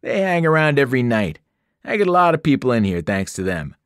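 A man's voice: medium pitch, very animated, fairly quick, clear, resonant tone, dry recording, clean studio sound, natural voice. A man doing a smarmy reptilian salesman. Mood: grumbling.

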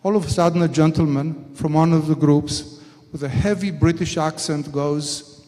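A man's voice: a little high, fairly even intonation, normal speed, warm tone. Older man telling a story in a hall. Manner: storytelling, acts out quoted voices. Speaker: conference panel speaker. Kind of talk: anecdotal conference talk. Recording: long reverb of a conference hall.

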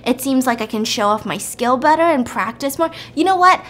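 A woman's voice: high-pitched, animated, a little fast, a bit bright, slight background noise. A woman voicing an ambitious young male pianist who talks eagerly and decisively.

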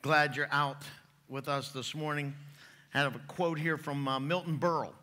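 In a church sanctuary, a male pastor delivers a sermon full of folksy jokes that he laughs at himself. His voice is a bit high and pushed yet bright, moving at a normal speed with fairly even intonation.

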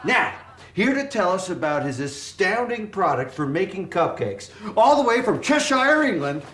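An actor playing a manic male cat hosting a loud infomercial, shouting in a giddy, over-the-top announcer manner. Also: high-pitched, very animated, moderate pace, exaggerated voice. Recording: film clip with loud crowd and noise.

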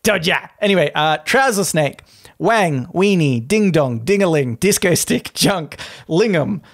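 A podcast host with a slightly high, animated voice reads a list aloud at a measured pace. The chat is casual and comedic, and he's giggly, laughing often as he goes.

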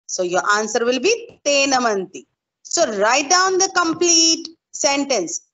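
Her high, animated voice is fairly bright and measured, captured with lo-fi sound. A school teacher with an Indian English accent, she leads an online lesson, patiently working through answers step by step and going over them again.

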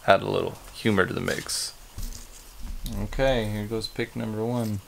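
A man's voice: fairly low pitch, steady tone, moderate pace, vocal fry, a little hiss or hum. A young man talking casually to the camera as a vlogger, rambling a little and chuckling between phrases. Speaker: vlogger on a date with his wife. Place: at home.

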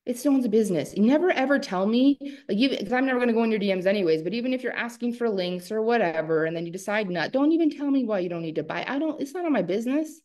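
A woman coach giving a live online masterclass, animated and emphatic and laughing often. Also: medium pitch, fast talker.

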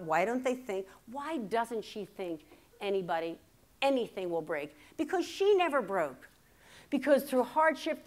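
A woman in her fifties with a fairly high voice speaks from a workshop stage. Her delivery is chatty and self-deprecating, full of comic asides. At times she slows into earnest reflection. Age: 50s. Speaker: keynote speaker. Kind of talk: humorous storytelling speech. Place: stage at a writers' workshop, before a live audience.

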